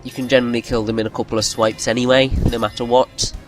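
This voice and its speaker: A man's voice: mid-range voice, little pitch movement, quick pace. A man giving casual, rambling commentary while playing a video game, often restarting sentences and poking fun at himself. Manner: chatty, rambling, with frequent restarts and self-mocking asides. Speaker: gaming video host. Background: game music.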